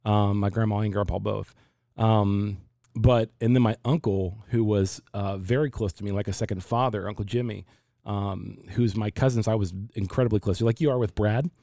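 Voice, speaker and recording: Deep-voiced man in his forties. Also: fairly even intonation, mellow, dry recording, clean studio sound. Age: 40s. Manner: reflective, halting with many restarts. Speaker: pastor. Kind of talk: casual faith discussion.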